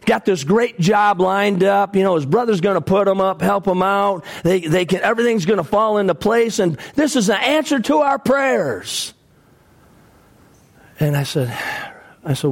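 Man, pastor, sermon, emphatic, repeats phrases, slightly high voice. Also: animated, moderate pace, vocal fry. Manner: emphatic, repeats phrases, voice drops low and soft at sad moments. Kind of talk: sermon with personal story.

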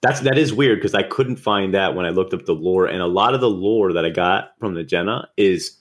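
A man co-hosting a casual gaming podcast, calmly explaining a game zone and its monsters. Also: low-pitched. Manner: relaxed, explanatory, lists things at a measured pace. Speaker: podcast co-host.

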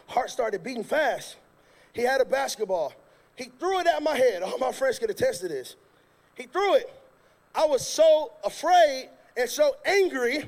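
High-pitched male preacher who tells jokey stories in his sermon, lively and loud at times. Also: measured pace. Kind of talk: sermon with comic storytelling.

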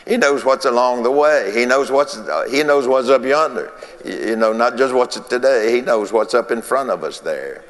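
A man's voice: mid-range voice, animated, normal speed, long reverb tail. A man preaching a folksy sermon, repeating phrases and chuckling between points.

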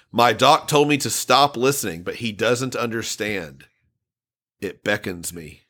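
A man's voice: mid-range voice, measured pace, pushed and bright. A man co-hosting a casual podcast, reading out listener comments and laughing often. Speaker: podcast co-host.

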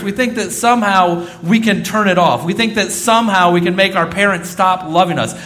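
A man's voice: high-pitched, pushed and bright. A man in his thirties preaching a sermon, earnest and repeating phrases for emphasis. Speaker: pastor.

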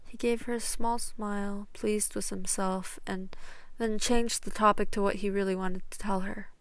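Slow, gravelly woman narrating a story. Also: medium pitch, level tone, no room sound. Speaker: audiobook narrator. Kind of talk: audiobook fan fiction reading.

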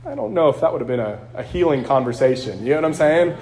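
A man's voice: fairly high pitch, sing-song, brisk, hardly any pauses, darkish tone. A man preaching a sermon as pastor, earnest and conversational, acting out quotes along the way.

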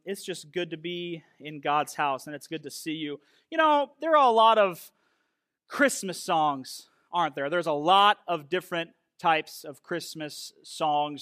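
A man's voice: sits high, fairly bright tone, no room sound. A man preaching as pastor in a church, playful and chatty, reading out song lyrics in a sing-song way. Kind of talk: sermon.

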